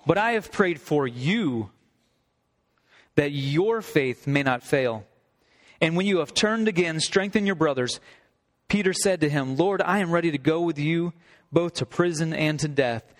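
Man, pastor, sermon, earnest scripture reading, slightly high voice, long hall reverb. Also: measured pace. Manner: reads scripture aloud, then expounds earnestly.

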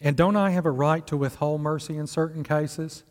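A male pastor with a fairly high voice and fairly even intonation preaches at a normal pace. His sermon is conversational, full of rhetorical questions for the congregation, captured with long hall reverb.

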